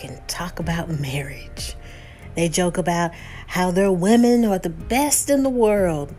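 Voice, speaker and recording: A woman vlogger recapping a TV episode in a lively way, acting out the quotes. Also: on the low side.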